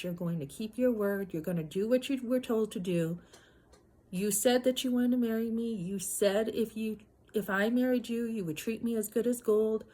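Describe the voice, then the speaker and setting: A woman's voice: mid-range voice, mellow. Indignant woman in her fifties. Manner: emphatic and indignant, acting out her own past words; holding back tears. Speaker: vlogger. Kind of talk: emotional personal vlog.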